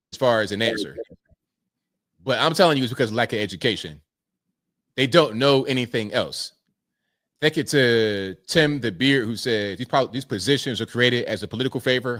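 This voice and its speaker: A man's voice: mid-range voice, normal speed, pushed and bright, no room sound, studio quality. A man hosting a casual livestream, thanking viewers one by one and answering their comments in a laid-back way. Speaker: livestream host reading super chats.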